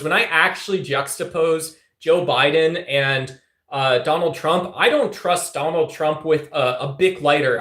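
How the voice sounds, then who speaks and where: Man, livestream host, argumentative, teasing, fillers and restarts, slightly high voice, echoey room. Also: a bit bright. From Southwest United States. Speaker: livestream host answering chat. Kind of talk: casual political livestream talk.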